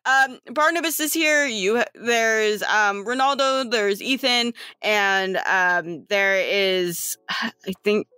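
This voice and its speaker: A woman's voice: mid-range voice, takes it slowly, bright, forceful tone, smooth, no echo. A woman narrating as game master of a tabletop game, giggly and conversational.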